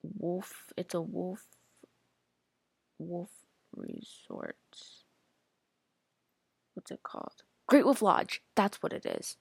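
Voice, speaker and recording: Chatty podcast girl, lots of likes, bouncy lively voice, a bit raspy, dry close sound. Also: on the low side, slow pace, pauses often, no echo. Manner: rambling, chatty, heavy use of filler "like"; reacts aloud while scrolling an app. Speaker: podcast host. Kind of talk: casual solo podcast chat.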